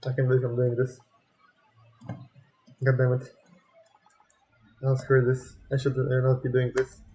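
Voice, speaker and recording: A man's voice: mid-range voice, monotone, unhurried, mellow. Foul-mouthed man mocking game characters. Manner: blunt, swears freely while mocking the characters. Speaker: gamer playing a story game. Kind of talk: let's play commentary.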